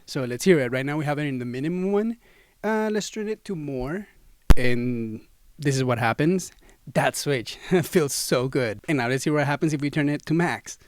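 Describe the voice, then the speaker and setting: A man's voice: fairly high pitch, lively intonation, moderate pace. A man giving a casual, enthusiastic gear demo, talking to the viewer as a friend while he swaps studio microphones. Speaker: gear reviewer. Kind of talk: casual demo talk to camera. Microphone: studio microphones, swapped during test. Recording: dry close studio sound.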